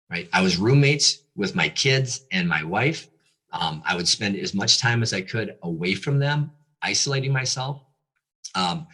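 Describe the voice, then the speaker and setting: A man who is a pastor gives an earnest, confessional personal testimony as a guest, halting now and then with fillers. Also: sits low, bright, forceful tone, breathy edge.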